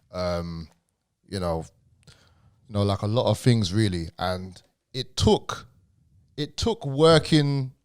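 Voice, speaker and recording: A young man with a noticeable stammer, chatting on a podcast. He talks in a halting, casual way, repeating words and dropping slang. His pitch sits in an ordinary middle range. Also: clean tone. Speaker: podcast guest and DJ.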